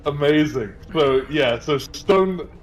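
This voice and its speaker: A man's voice: a little high, animated, slow pace. A man playing in an online tabletop game, narrating his character's actions with laughter and energy. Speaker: player.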